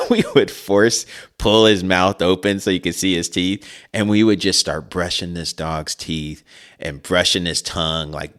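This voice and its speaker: A man's voice: very deep voice, a bit bright, clear, resonant tone. A man in his forties hosting a podcast, telling a rambling story in casual chat with chuckles and side remarks into a podcast mic. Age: 40s. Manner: rambling, chuckling, frequent asides. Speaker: podcast host.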